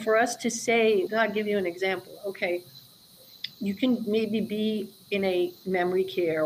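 A woman's voice: medium pitch, a little hiss or hum, poor audio. Earnest woman dementia care educator. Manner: earnest, explanatory, emphatic. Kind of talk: interview conversation.

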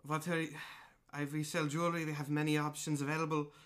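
A man's voice: on the high side, level tone, fast, fairly bright tone, natural voice. A man doing a weary gnome jeweler. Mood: exasperated. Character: weary male gnome jeweler, easily exasperated.

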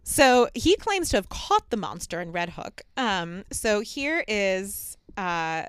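A woman co-hosting a podcast, relaxed and quick to laugh as she lays out a historical account. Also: mid-range voice, clear, resonant tone, dry recording. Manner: laughs easily, relaxed storytelling. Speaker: podcast co-host. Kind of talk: casual chat.

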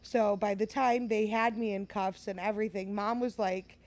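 A woman's voice: medium pitch, fairly even intonation, normal speed, darkish tone. A woman in her twenties, telling a story in casual chat, laughing often and acting out what others said. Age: 20s.

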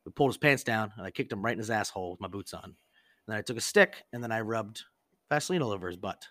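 A man's voice: fairly low pitch, lively intonation, fast, a bit bright, no echo, studio quality. Profane, rambling man telling a prank story. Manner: rambling, profane, lots of "like" and quoted dialogue. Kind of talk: casual storytelling with crude jokes.

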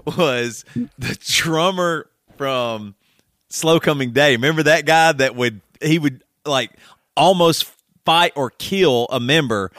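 A man co-hosting a podcast in casual chat, his voice bright and a little high. He rambles through stories with plenty of restarts. The sound is close and dry. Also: slow pace, no room sound. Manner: rambling storyteller, restarts often. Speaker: podcast co-host.

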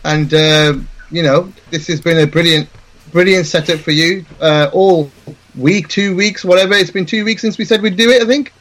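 A man's voice: sits high, moderate pace, fairly bright tone. A man hosting a live podcast, wrapping up the show with casual, sweary thanks to his guests. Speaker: host.

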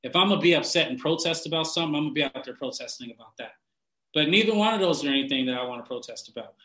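A man with a bright, fairly high voice rants bluntly about diet and the people who preach it, swearing in every breath. He laughs often and gets animated when he mocks someone. The room around him is echoey. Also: racing. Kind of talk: casual profane rant.

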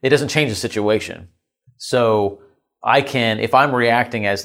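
A man's voice: mid-range voice, measured pace, vocal fry, fairly bright tone. A man co-hosting a casual business podcast, telling stories in an easygoing way and acting out quotes. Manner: easygoing storyteller, acts out quotes. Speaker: podcast co-host.

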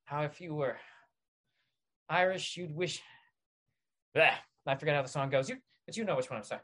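A man talks the listener through a parody guided visualization. His delivery is deadpan and mock-soothing, slowing for the breathing cues. He rambles and trips over his own restarts. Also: fairly high pitch. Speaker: podcast host.

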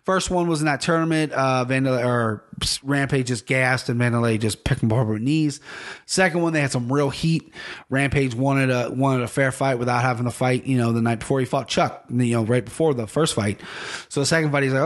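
A man's voice: medium pitch, brisk. A man hosting a podcast in casual chat, rambling, correcting himself often and swearing freely. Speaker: podcast host.

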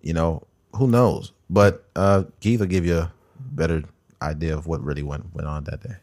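A man's voice: sits low, normal speed, very noisy. A man hosting a podcast in casual chat, laid-back and joking, swearing freely. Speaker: podcast host.

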